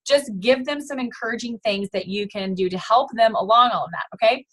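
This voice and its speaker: A young adult woman coaching her sales team in an upbeat, animated way, acting out chats with customers. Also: on the high side, fairly quick, rough recording. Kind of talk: training talk to a sales team.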